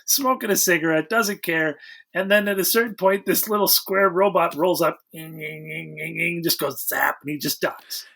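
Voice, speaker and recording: A man's voice: on the high side, moderate pace, gravelly, bright, forceful tone. A man co-hosting a casual comedic movie review podcast, joking his way through the plot and acting out the characters. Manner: jokey plot recapping with acted-out voices. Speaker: podcast co-host.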